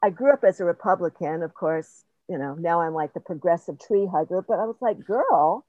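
A woman's voice: fairly low pitch, fairly quick. An older woman talks through her personal experiences in a rambling, earnest way and often laughs at herself. The audio is muffled and lo-fi, with a dry, close sound and no room echo. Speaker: participant sharing in a group session. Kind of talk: personal sharing, casual talk.

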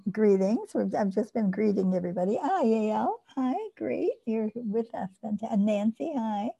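A woman facilitating a group sharing circle over a video call, talking in a gentle, affirming way. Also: a little high, gravelly, rough recording. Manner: gentle, affirming, warmly encouraging.

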